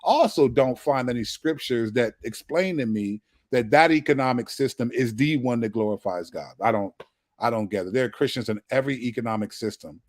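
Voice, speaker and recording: A man talking straight to the listener in a relaxed personal monologue, his pitch sitting in the middle range. He acts out the voices in his stories with lively swings. The sound is dry and close, with no room in it. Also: fairly quick, no echo. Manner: animated storytelling, acts out quoted dialogue. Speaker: host.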